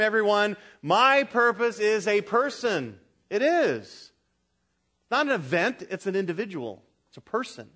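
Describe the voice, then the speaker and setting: A male pastor preaching a sermon with emphatic delivery, calling out questions for the congregation to answer. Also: a little high. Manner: emphatic, call-and-response with congregation. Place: church.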